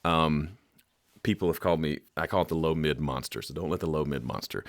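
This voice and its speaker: A man's voice: extremely low pitch, fairly quick, no echo, clean studio sound. Jokey man teaching audio mixing. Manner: animated, jokey, makes vocal sound effects. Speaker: music production teacher. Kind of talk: casual instructional talk to camera.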